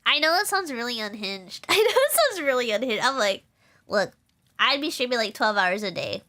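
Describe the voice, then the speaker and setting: A young woman VTuber chatting on a live stream, rambling without pausing and laughing often. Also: on the high side, sing-song, sharp tone. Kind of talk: casual live-stream chat.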